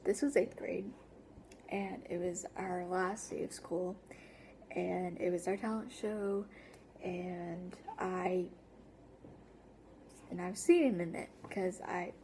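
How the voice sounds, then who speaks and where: A woman's voice: fairly low pitch, a little slow, pauses often, warm tone, a little hiss or hum. A teenage girl telling a story on her vlog in a rambling way, with lots of fillers, often dropping to a whisper. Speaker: vlogger. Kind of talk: casual story-time vlog.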